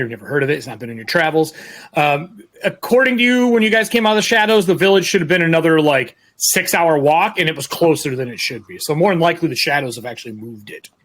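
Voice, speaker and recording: Rambling game master man, slightly high voice. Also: expressive, a little fast, fairly bright tone. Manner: descriptive, loose, with fillers and restarts. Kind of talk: narrating a tabletop game.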